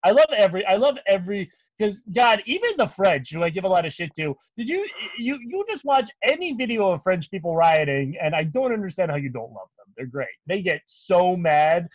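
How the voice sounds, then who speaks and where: Brief: man co-hosting a casual podcast, profane rambler, lively voice, dry close sound. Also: sits high, brisk, hardly any pauses, no room sound, muffled recording. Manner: animated, profane, rambling storyteller. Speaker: podcast co-host. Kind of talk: casual chat.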